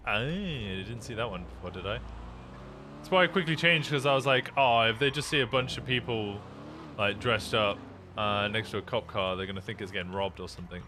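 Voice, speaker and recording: Bright, chatty male game streamer. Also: lowish voice, brisk, slight background noise. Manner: upbeat, chatty, repeats yeah yeah. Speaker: streamer playing a police officer. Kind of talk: live game roleplay and stream commentary.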